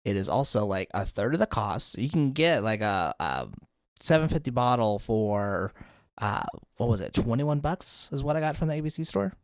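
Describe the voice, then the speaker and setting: A man's voice: medium pitch, normal speed, no echo, clean studio sound. A man in his thirties co-hosting a podcast, chatting casually and a little tipsy, rambling through his stories. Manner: rambling, lively storyteller. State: tipsy from drinking. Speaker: podcast co-host.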